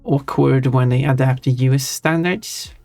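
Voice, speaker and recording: Casually drawing on a livestream, a man rambles and thinks aloud with frequent mid-sentence self-corrections. He speaks at a measured pace in a mid-range, gravelly, darkish voice, with no room sound and soft background music.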